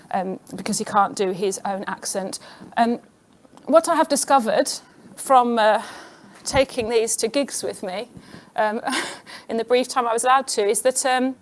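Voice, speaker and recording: A middle-aged woman hosting an awards show with a chatty, self-deprecating stand-up routine full of ums. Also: fairly high pitch.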